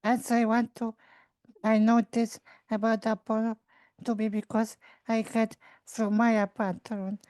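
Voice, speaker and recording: A woman playing in a tabletop game, speaking in a halting way as she talks with the game master. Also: a little high, flat delivery, a little mellow, no room sound. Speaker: player. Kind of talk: tabletop role-play chat.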